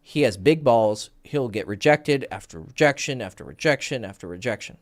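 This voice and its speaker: A man's voice: mid-range voice, normal speed. A man hosting a dating advice Q&A as a coach, talking casually with lots of swearing and acted-out dialogue. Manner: animated, profane, acts out quoted dialogue.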